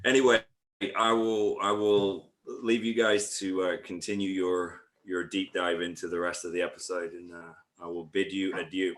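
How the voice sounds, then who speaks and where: Low, bright-toned man teasing as a guest. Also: flat delivery, normal speed, low-quality recording. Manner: teasing, brash banter. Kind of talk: casual chat.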